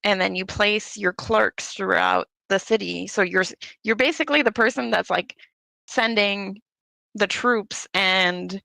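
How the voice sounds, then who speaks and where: A woman's voice: medium pitch, a little slow, vocal fry, sharp tone, no echo. A woman chatting casually during an online board game session, explaining rules with plenty of fillers. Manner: explains with lots of fillers and restarts.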